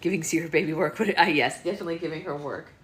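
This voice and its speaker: A woman's voice: low voice, very fast, heavy background noise. Woman, live read-aloud, casual, playful, phone mic. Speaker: host reading aloud.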